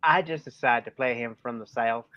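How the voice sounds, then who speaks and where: A man co-hosting a podcast, relaxed and joking, who talks with hesitant pauses. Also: medium pitch, no room sound. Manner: relaxed, hesitant with fillers, jokes with accents. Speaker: podcast co-host. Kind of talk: casual podcast chat. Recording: dull dry lo-fi sound.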